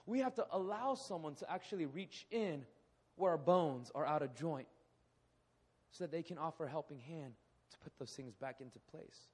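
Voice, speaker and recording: A man in his thirties preaching a sermon in a hall, animated, often acting out quoted voices. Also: a little high, normal speed, breathy edge. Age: 30s. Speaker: pastor. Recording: echoey hall.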